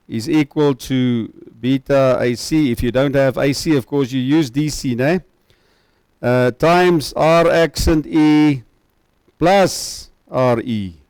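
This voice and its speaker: A man's voice: mid-range voice, darkish tone, smooth, no echo, low-quality recording. A man giving a university lecture, often checking that students follow with tag questions.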